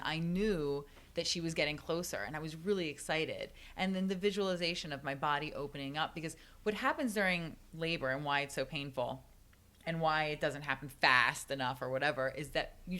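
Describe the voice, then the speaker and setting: A woman, likely in her thirties, excitedly telling a personal story in a casual podcast chat, full of "like". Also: low voice. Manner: animated, excited storytelling with frequent "like". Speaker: guest.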